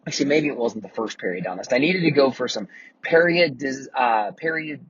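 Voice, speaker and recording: A man's voice: mid-range voice, animated, brisk, fairly bright tone, lo-fi sound, a little hiss or hum. A man in his forties hosting a casual mentoring talk, telling a personal story in a candid, profane way. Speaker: host.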